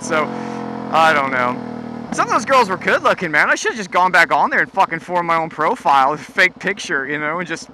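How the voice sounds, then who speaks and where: A man's voice: a little high, bright, forceful tone, low-quality recording. A young man telling a rambling, profane story in a casual vlog, full of fillers and laughter. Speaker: vlogger. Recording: clear background noise.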